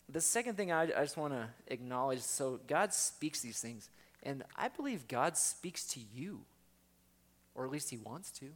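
A man preaching a sermon in a conversational way, often asking his listeners questions. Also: mid-range voice.

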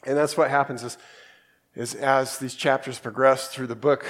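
A man's voice: mid-range voice, level tone, normal speed. A man from Australia giving a casual, conversational sermon and reading scripture aloud. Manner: conversational, acts out quoted voices, reads scripture aloud. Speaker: preacher.

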